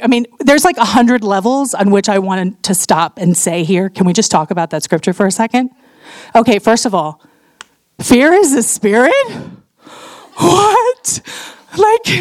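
Animated woman giving a candid testimony. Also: mid-range voice, no echo, studio quality. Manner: animated, candid, laughs often, swings between earnest and playful. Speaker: speaker sharing her testimony. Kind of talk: testimony talk to a women's audience.

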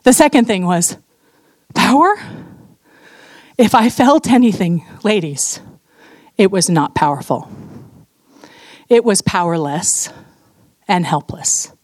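A woman sharing her testimony with a women's audience, candid and animated, laughing often and swinging between earnest and playful. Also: mid-range voice, slow pace, long pauses, dry recording, studio quality.

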